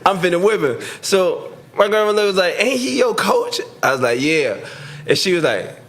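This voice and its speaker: A man's voice: high voice, expressive, normal speed, fairly bright tone. A man, a former football player, casually telling a long story on a sports talk show and acting out the quoted lines. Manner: laid-back storyteller who acts out quotes, laughing as he talks.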